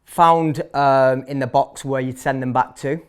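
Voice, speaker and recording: A man's voice: medium pitch, steady tone, unhurried, clean tone. A man in his thirties with a Manchester accent, a barber telling his story in a casual interview, blunt and chatty with many fillers and restarts. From Manchester, England. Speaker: barber and shop owner, interview guest.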